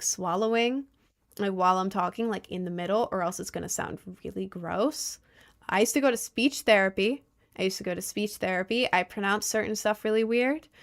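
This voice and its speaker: A young woman livestreaming, rambling casually to her chat in slangy, repetitive speech full of fillers, sometimes fumbling over her words. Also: mid-range voice. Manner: rambling, heavy on fillers and repeats; animated, slangy and emphatic.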